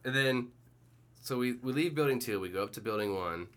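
Animated, bright-voiced man telling a story. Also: fairly quick. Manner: animated storyteller, mimics people in high voices. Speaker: podcast co-host. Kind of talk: casual chat.

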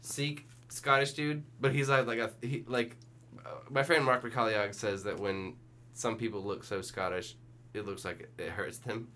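A man's voice: on the low side, steady tone, moderate pace, pushed and bright, a little hiss or hum. A man co-hosting a podcast, trading jokes in casual banter and trailing off mid-sentence. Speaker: podcast co-host.

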